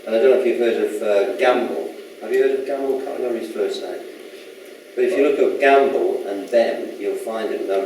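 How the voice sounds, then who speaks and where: A man with a lowish, dark, and mellow voice gives a casual public talk in a lecture room, rambling and chatty, repeatedly asking the audience questions. The sound comes from far off in a very echoey hall with faint noise.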